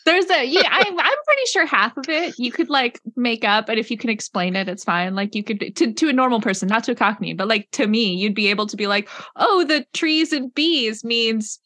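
A woman hosting a podcast in casual chat, upbeat and quick to laugh. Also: on the high side, bright, forceful tone, no echo. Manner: giggly, upbeat. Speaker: podcast host.

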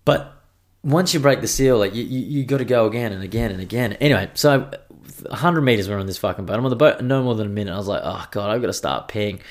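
A man's voice: medium pitch, fast. A young man hosting a podcast, telling stories in a rambling, casual monologue full of swearing. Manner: rambling, profane storytelling. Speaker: podcast host.

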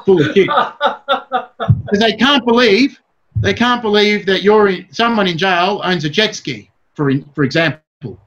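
A man's voice: high voice, a little slow, fairly bright tone. A man with an Australian accent, a comedian speaking as an interview guest, talking bluntly and swearing a lot while he rambles on. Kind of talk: casual interview chat. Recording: dull lo-fi sound.

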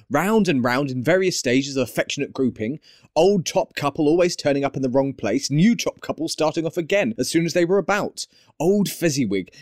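A man narrating an audiobook in an animated, expressive storytelling manner. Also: on the high side, dry recording, clean studio sound. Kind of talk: scripted narration.

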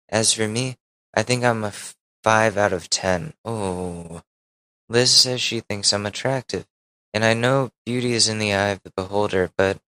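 A podcast host with a fairly low voice reads a confessional online post aloud in a candid, conversational way. He stops now and then for short, wry asides and swears casually. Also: bright, forceful tone, clean tone, poor audio. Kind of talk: reading a Reddit post aloud.

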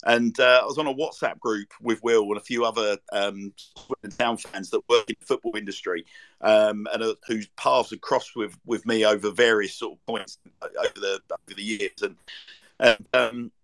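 A man's voice: lowish voice, fairly even intonation, moderate pace, fairly bright tone. A man co-hosting a casual football podcast, rambling through stories with plenty of ums and restarts. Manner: rambling, full of fillers and restarts. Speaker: podcast co-host. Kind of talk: casual chat.

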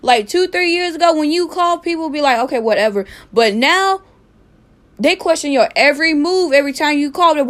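A young woman hosting her own podcast, telling a story in a casual, animated way, repeating herself with sassy asides. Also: sits high, fairly quick. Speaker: podcast host.

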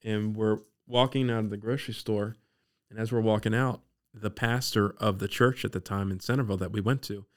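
Low, smooth-voiced storyteller man. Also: brisk. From Eastern Shore of Maryland. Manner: animated, acts out the people in his story. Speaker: guest sharing his testimony. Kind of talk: personal storytelling.

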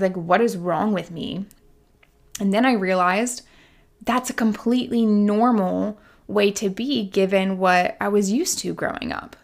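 A young woman who works as a life coach talks straight to her listeners about something that happened to her. Her delivery is candid and chatty, packed with "like" and "literally", and she lets out a laugh here and there as the story goes on. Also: medium pitch. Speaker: life coach and podcast host. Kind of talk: casual storytelling monologue.

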